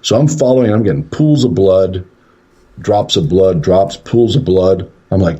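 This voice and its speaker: A man guesting on a radio show, telling a long story in a rambling, casual way and acting out what people said. His voice sits low and is husky and mellow. The line sounds dull and lo-fi. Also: animated, normal speed. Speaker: guest paranormal investigator.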